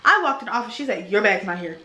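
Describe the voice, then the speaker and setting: A young woman vlogger telling a storytime in an animated, exasperated way, full of casual slang. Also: mid-range voice, very fast. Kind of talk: storytime vlog. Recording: roomy echo.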